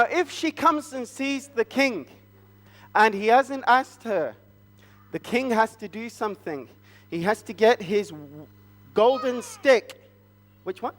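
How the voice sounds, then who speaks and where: A man telling an interactive Bible story to children at a family church service, playful and asking them questions. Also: high-pitched.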